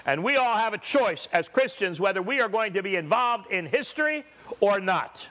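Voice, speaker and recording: A man's voice: high voice, animated, brisk, pushed and bright. A male pastor preaching a sermon, driving his points home with rhetorical questions and briefly acting out the voices of scripture figures.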